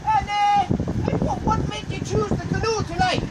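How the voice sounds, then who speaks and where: Very high-pitched, chirpy Scottish reporter. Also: little pitch movement, normal speed, distant mic. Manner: chirpy, jokey, teasing. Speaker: mock weather reporter. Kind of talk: comic street report. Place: outdoors in heavy rain. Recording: loud wind and rain noise.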